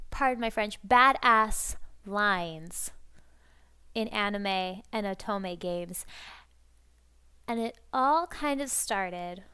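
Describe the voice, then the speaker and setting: A woman's voice: fairly high pitch, a bit bright, clean tone. A woman hosting a podcast in casual chat, rambling with bubbly fan enthusiasm. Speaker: podcast host.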